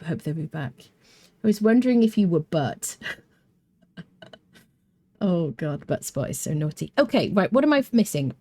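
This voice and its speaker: A woman's voice: on the low side, warm tone, dry recording. A British woman with a mixed accent and a touch of Welsh, chatting casually while streaming a game, thinking aloud, humming and answering viewer chat. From Britain.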